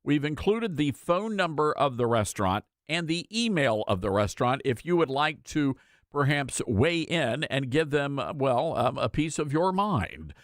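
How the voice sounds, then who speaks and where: Animated, sarcastic radio talk host man. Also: mid-range voice, normal speed, no echo, clean studio sound. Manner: sarcastic, mocking asides, reads quotes aloud. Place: radio studio. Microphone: studio microphone.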